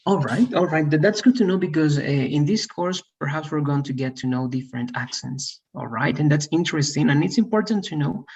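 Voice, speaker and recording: A man's voice: mid-range voice, slightly rough, lo-fi sound. A man teaching an English lesson over a video call, patient, often checking in with "right?". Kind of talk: one-on-one online English lesson.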